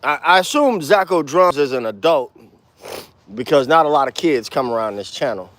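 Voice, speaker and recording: A man teaching bass in a casual walk-and-talk outdoors, talking blunt street slang with cursing and counting beats out loud. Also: lively intonation, normal speed, dry recording. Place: outdoors, walking.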